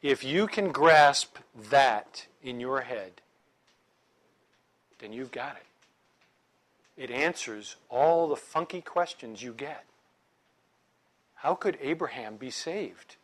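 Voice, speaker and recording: A middle-aged man teaching a Bible class in a lively, conversational way, joking with his listeners. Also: medium pitch, slow, long pauses.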